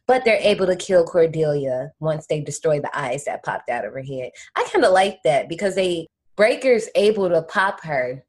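Low-voiced woman recapping a movie. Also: husky. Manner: slangy, playful, teasing. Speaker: podcast host. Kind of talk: casual movie recap chat.

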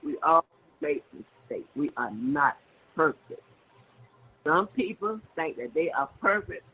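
An older woman giving a personal religious testimony in an emphatic, repetitive, preachy way. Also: fairly low pitch. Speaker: church member giving testimony. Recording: dull lo-fi sound with faint background noise.

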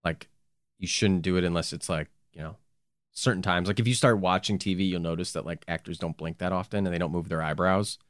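A man in casual podcast chat, telling anecdotes in an animated way and saying "like" often. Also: low voice, brisk, dry recording, clean studio sound. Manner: animated storyteller, heavy use of "like".

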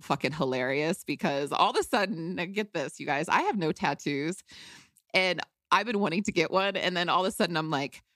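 A woman's voice: on the low side, animated, brisk, a bit bright, no room sound, studio quality. A woman hosting a podcast, candidly telling a personal story in an emotional, outspoken way with casual swearing. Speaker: podcast host.

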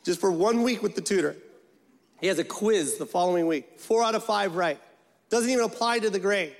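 A man doing a profane, animated stand-up comedy routine, acting out voices as he tells a story. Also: high voice, fairly quick, vocal fry. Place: large venue with a live audience. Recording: echoey hall, loud crowd.

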